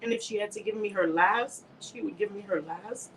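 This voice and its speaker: A woman's voice: medium pitch, a little fast, slight background noise, rough recording. A woman hosting a casual livestream, emotional and teary but laughing through it, heartfelt and rambling as she answers viewers, still getting over a bad cold. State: recovering from a bad cold, slightly stuffy. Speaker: livestream host. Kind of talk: casual livestream chat reading viewer comments.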